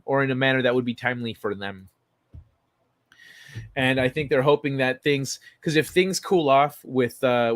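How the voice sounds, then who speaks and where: A male streamer talks through articles and viewer messages in a loose, unpolished way, with restarts and casual cursing along the way. His voice sits at an ordinary middle pitch for a man. The recording is close and dry, with no room echo. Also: fairly bright tone. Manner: loose and conversational, casual swearing, frequent fillers and restarts. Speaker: livestream host. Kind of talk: casual livestream chat, reading articles and chat aloud.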